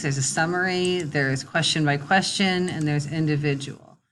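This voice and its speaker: A middle-aged woman teacher, recording a relaxed, chatty screen tutorial with wry asides, talking into a computer mic. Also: low-pitched, slight background noise.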